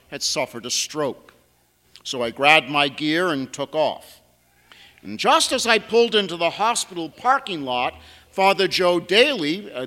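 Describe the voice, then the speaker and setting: A man's voice: fairly high pitch, bright, forceful tone. A man who is a priest, preaching a homily, telling a story with dry humor and lifting his voice on key words. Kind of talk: sermon. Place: large church. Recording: long church reverb.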